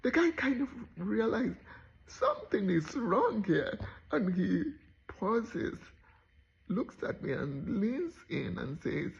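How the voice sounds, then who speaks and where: A woman tells a personal story as a motivational talk. She is animated and slips into the voices of the people she describes. Her voice has a gravelly edge, and the recording is a little dull and lo-fi. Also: on the low side, a little slow. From Nigeria. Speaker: motivational speaker.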